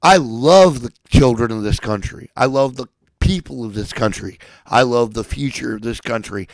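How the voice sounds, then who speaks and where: A man delivering a furious, profane rant, shouting at times and at others dropping to a low seething threat. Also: moderate pace, creaky, dry recording, poor audio. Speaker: ranting speaker.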